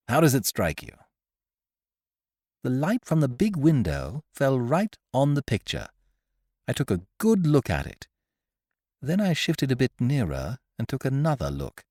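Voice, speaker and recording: Male narrator, mid pitch, very animated intonation, dry booth sound. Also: dry recording. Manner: lively, expressive storytelling. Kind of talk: scripted audiobook narration.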